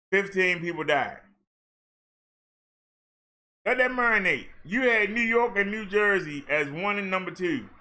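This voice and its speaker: Bright high-voiced man ranting. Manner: sarcastic, talks back at the figures he reads. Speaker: commentary vlogger. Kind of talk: ranting commentary over case numbers.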